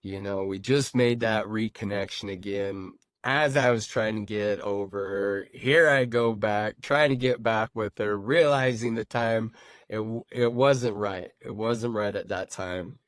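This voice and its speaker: A man hosting a podcast, telling his own recovery story in an animated, repetitive way and talking straight to his listeners. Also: on the low side, unhurried, no room sound. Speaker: podcast host.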